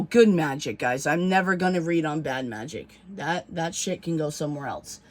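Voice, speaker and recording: A casual tarot reader who rambles, backtracking and filling gaps with "um" and "like." The talk is slangy and loose, with a swear word here and there and a mid-range voice. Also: mid-range voice. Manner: rambling, filler-heavy storytelling with many restarts. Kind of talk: casual tarot reading video.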